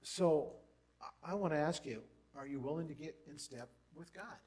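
A man preaching a sermon in a conversational, lively way. His voice sits a little higher than most men's, and he reels off lists in a softer, lower tone before lifting it for emphasis. He breaks things up with rhetorical questions and casual asides. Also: moderate pace. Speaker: pastor.

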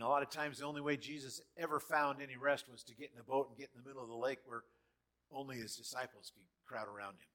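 A man preaching a sermon in a church hall, animated and dramatic, with big swings in loudness as he acts out quotes. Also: medium pitch. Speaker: pastor.

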